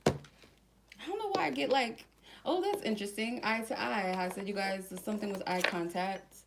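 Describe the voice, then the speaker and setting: A woman giving a casual tarot reading to her viewers, chatty and slangy, slowly reading out card keywords one by one. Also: medium pitch, gravelly, noisy background. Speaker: tarot reader.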